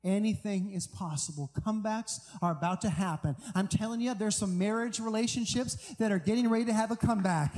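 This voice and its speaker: A man preaching a sermon as pastor, telling stories in an animated, emphatic way. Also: high voice, fairly quick, few pauses. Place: large church hall. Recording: long hall reverb with music. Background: guitar music.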